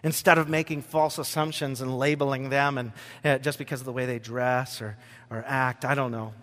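Bright-voiced preacher in a reverberant hall. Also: male voice, medium pitch, fairly even intonation, moderate pace. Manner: conversational, joking with the congregation. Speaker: pastor. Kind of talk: sermon. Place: church hall. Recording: long church-hall reverb.

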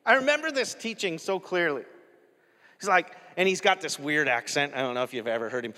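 Animated preacher in an echoing hall. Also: male voice, on the high side, normal speed. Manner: animated and conversational, laughing between points. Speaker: pastor. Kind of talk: sermon. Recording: echoey hall with long reverb.

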